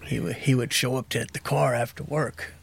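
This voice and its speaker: Gravelly, husky-voiced man in his 50s, soft-spoken guest sharing a raw personal story. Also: mid-range voice, fairly even intonation, a little fast. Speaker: podcast guest in recovery.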